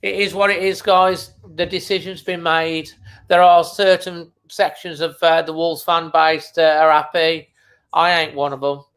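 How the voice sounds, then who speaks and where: Bloke on a fan stream, bit high, flat tone, choked up, says stuff twice. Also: male voice, unhurried. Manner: emotional, holding back tears; casual, repeats phrases. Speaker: fan channel host. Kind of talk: live match watchalong commentary.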